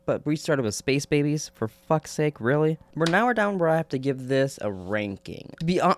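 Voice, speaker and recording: A man giving a casual spoiler review of a TV episode, excitable, swearing a lot and laughing often. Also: mid-range voice, clear, resonant tone, no echo.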